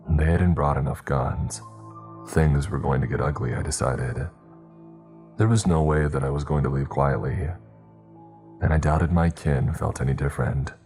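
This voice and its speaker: A man narrating a first-person horror story in a slow, measured, grim way. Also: extremely low pitch, darkish tone.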